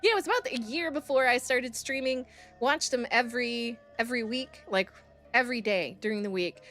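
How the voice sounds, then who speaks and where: A young woman streamer chatting casually with her viewers, bubbly and excitable, openly nervous and thrilled. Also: fairly quick, soft background music. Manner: bubbly, excitable, swings high on greetings. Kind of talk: casual live-stream chat, greeting chat.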